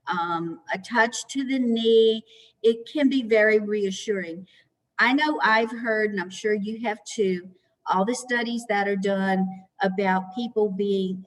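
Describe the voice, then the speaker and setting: A woman presents a caregiver lesson in an unhurried, patient way and slips into gentle example phrases as she goes. Her voice sits at an ordinary middle pitch, and a long reverb trails after her words, as if she is in a large room. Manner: calm, patient, conversational, with gentle acted examples. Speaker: presenter at a caregiver education talk. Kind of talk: educational talk.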